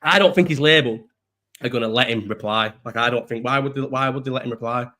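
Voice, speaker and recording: A man's voice: mid-range voice, fast, pushed and bright. A young man with a Scouse accent hosting a casual live-stream chat, rambling, swearing freely and restarting his sentences.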